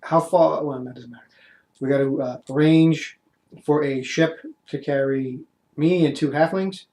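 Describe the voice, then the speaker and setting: A man's voice: a little high, measured pace, darkish tone. Joking man playing a tabletop game. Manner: joking, laughs easily. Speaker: player.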